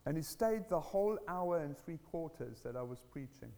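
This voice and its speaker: A man preaching a sermon, telling a personal testimony in an earnest, animated way. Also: fairly high pitch, normal speed, gravelly, big-room sound.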